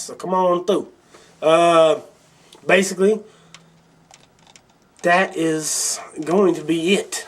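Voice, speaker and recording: A man's voice: fairly high pitch, lively intonation, unhurried, pauses often, husky. A man from Milwaukee hosting a political podcast, ranting angrily and bluntly with plenty of swearing and mockery. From Milwaukee, Wisconsin. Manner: angry, swearing, blunt and mocking. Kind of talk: profane political rant.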